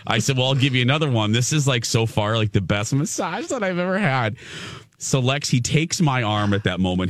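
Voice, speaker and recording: A man's voice: medium pitch, sing-song, moderate pace, dry recording. A man telling a funny story in a casual chat. He quotes people and acts out his own panic.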